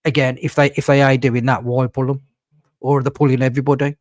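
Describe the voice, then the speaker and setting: A man's voice: medium pitch, level tone, quick pace, darkish tone, no echo, clean studio sound. A man hosting a casual podcast chat, rambling with lots of fillers and acting out what others said. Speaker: podcast host.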